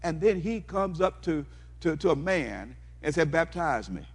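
A man's voice: fairly high pitch, lively intonation, unhurried, slightly rough. A man preaching a fervent sermon, repeating himself and asking the congregation questions, then moving into prayer. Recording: long hall reverb.

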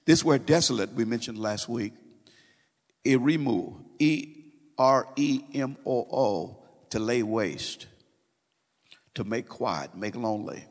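Male preacher, husky high voice, emphatic, loud-to-hushed swings, echoing church hall. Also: lively intonation, slow pace, pauses often. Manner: emphatic, swinging between loud calls and hushed low phrases. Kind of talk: sermon. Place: church sanctuary.

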